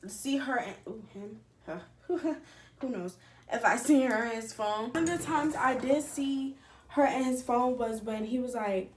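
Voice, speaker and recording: A young woman telling a rambling, animated storytime with slang and cursing. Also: fairly high pitch, measured pace, slight background noise. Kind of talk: casual storytime. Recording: echoey room.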